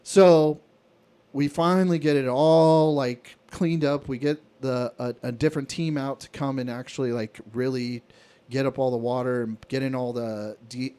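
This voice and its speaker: A man's voice: medium pitch, fairly even intonation, normal speed, mellow, smooth. A man co-hosting a podcast, telling a long work anecdote in casual chat, with restarts and acted-out quotes. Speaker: podcast co-host.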